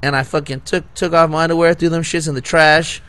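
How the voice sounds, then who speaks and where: A man's voice: a little high, fairly even intonation, a little fast, a bit bright, smooth. A man in his thirties telling long, rambling, profane stories on a casual podcast, often laughing at himself. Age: 30s. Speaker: podcast co-host. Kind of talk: casual storytelling.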